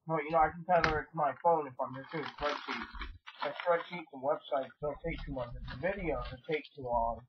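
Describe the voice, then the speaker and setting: A man's voice: on the high side, fairly quick, noisy background. A man giving a casual, rambling vlog update, full of fillers and restarts. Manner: meandering, many fillers and restarts. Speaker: vlogger. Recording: tinny phone-like audio.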